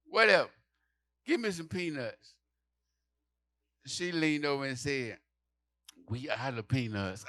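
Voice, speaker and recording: A man doing a stand-up comedy set, telling a story loudly and acting out the people in it, with lots of swearing. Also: a little high, measured pace, long pauses, no echo. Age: adult. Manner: loud animated storytelling, acting out characters, profane.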